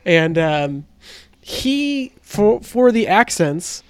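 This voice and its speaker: A man with a fairly high voice talks over a movie he just watched, wandering off on cast trivia and swearing freely. The sound is dry and close-miked, with no room at all. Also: big pitch swings, drawn-out words, clean tone, dry recording. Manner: rambling, profane, trivia-heavy. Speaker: podcast co-host. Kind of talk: casual movie-review chat.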